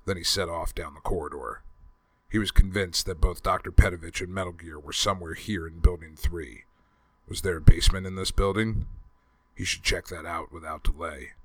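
A man reading a story aloud in a steady, measured way. His voice sits very low. The recording is dry and close, with no room sound. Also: slightly rough, no echo. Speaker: audiobook reader. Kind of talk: scripted narration.

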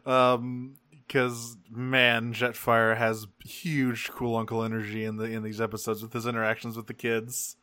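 A man co-hosting a podcast, joking and swearing as he recaps a cartoon episode, now and then slipping into quick voices for the characters. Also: mid-range voice, completely flat delivery, pushed and bright, no echo. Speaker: podcast co-host. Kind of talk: casual chat recapping a cartoon.

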